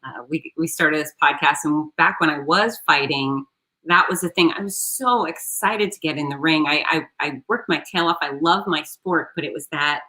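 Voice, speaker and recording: A woman's voice: low-pitched, low-quality recording. A middle-aged woman from South Florida hosting a casual podcast, telling stories and acting out quoted voices. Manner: animated storyteller, acts out quoted voices. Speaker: show host.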